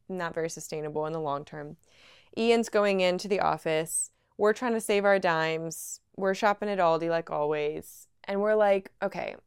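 A young woman hosting a podcast, telling a personal story at home in a chatty, animated way and laughing often. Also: fairly low pitch, clear, resonant tone, no echo, clean studio sound. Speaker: podcast host. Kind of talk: casual storytelling.

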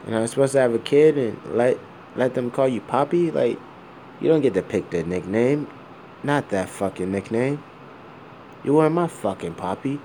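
Expressive and mid-range, this roughly forty-year-old man's dark-toned voice moves at a moderate pace over slight hiss or hum. He rambles bluntly about personal matters, swearing plenty and circling back through fillers and repeated asides.

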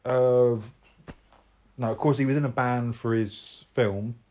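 A man's voice: mid-range voice, fairly even intonation, takes it slowly, mellow. Man, co-host, casual chat, rambling, searching for words, mid-range voice.

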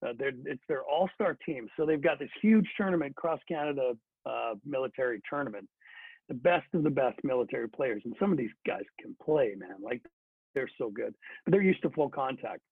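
A man's voice: mid-range voice, animated, fairly quick, creaky, slightly rough, no echo. A middle-aged man who is a former hockey player, telling a story in a chatty, casual way with many fillers and restarts. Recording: dry phone-like sound.

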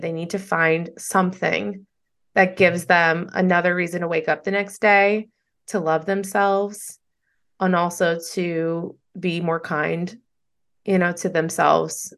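Effusive woman host, bright tense voice. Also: lowish voice. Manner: warm, encouraging, effusive. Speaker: podcast host. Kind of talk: casual interview chat.

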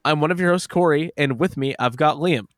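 A man's voice: on the high side, fairly quick, no room sound, clean studio sound. A man hosting a casual podcast, rambling and self-deprecating, laughing often as he loses his train of thought. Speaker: podcast host.

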